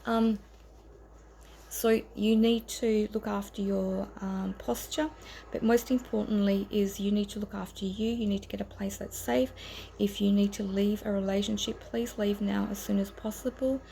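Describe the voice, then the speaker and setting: A woman's voice: mid-range voice, fairly even intonation, normal speed, gravelly, mellow, slight background noise, rough recording. A woman giving an informal tarot reading to camera, earnest and rambling, with frequent ums and self-corrections. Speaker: tarot reader.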